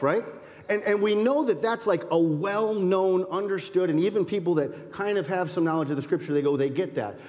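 A man preaching with a lively, swooping delivery, his pitch a touch high but his tone mellow and warm. He reads scripture and then talks it through, acting out the voices in the story. His voice rings out with a long hall reverb. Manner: animated, acts out quoted voices. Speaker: pastor. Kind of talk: sermon with scripture reading.

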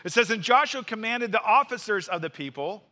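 A male pastor delivering an expository sermon in an earnest, explanatory way. His voice is high and bright. He drops in quick asides to the listeners. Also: animated.

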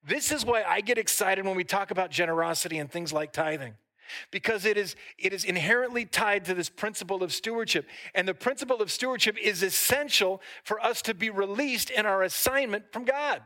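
Bright, high-voiced preaching man. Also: fairly quick. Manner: lively preaching with asides to the congregation; reads a long scripture passage aloud. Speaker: pastor. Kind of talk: sermon.

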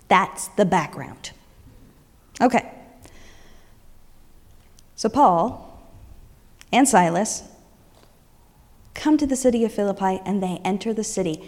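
A woman preacher retelling a story in a lively sermon, voicing its characters along the way. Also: medium pitch, in a large hall.

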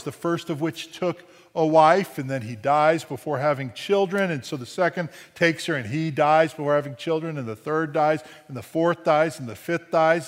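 Man, pastor, conversational sermon, dry humor, somewhat high pitch, long hall reverb. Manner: conversational preaching with frequent "right?" asides and restarts.

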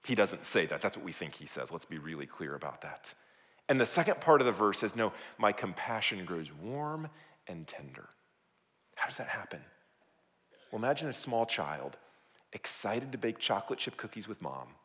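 A man preaching a sermon as pastor, swinging from loud, emphatic appeals to hushed, quiet asides. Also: on the low side, very animated, brisk. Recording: long hall reverb.

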